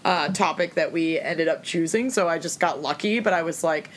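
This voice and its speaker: A woman's voice: low-pitched, normal speed, a little hiss or hum. A woman co-hosting a podcast in casual chat, with a dry, wry manner. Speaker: podcast co-host.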